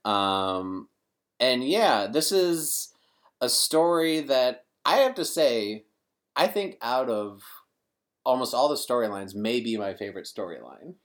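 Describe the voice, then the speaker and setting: A man's voice: mid-range voice, very animated, slow. A man co-hosting a casual movie discussion, rambling and correcting himself as he talks. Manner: rambling, self-correcting, frequent laughs. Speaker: podcast co-host.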